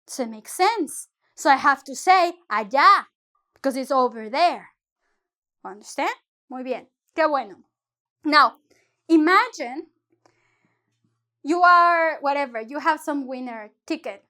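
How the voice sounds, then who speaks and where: Woman w a high voice teaching online, rambly and chatty, keeps restarting her sentences. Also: a little slow, pauses often, pushed and bright. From Mexico. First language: Spanish. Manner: rambling, chatty, with frequent restarts and self-corrections. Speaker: Spanish teacher. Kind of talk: casual online language lesson.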